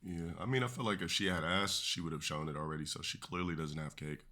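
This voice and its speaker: A man with a very low voice and a bright, sharp edge gives crude, blunt reaction commentary on his live stream. He dismisses what he is watching in short, cutting remarks. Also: steady tone, fast.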